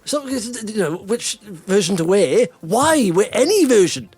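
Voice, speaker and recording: A man hosting a casual podcast, animated and teasing, talking in fits and starts. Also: high-pitched, unhurried. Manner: animated, teasing, self-interrupting. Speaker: podcast host.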